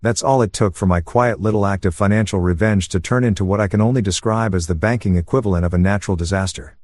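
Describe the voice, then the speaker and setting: A man narrating a first-person story in a calm, smug, even way, meant for falling asleep. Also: low-pitched, no echo, clean studio sound.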